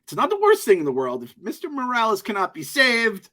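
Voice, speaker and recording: A man's voice: sits high, wildly swooping pitch, brisk, bright, forceful tone. A man co-hosting a podcast, musing loosely about a movie and swearing casually. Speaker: podcast co-host. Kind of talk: casual movie review chat.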